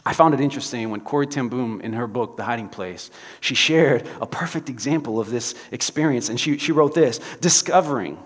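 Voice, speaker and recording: Animated preacher in an echoing hall. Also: male voice, mid-range voice, fairly quick, few pauses. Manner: animated storytelling, acts out quoted voices. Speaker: pastor. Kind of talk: sermon. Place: church sanctuary. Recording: long reverb of a church hall.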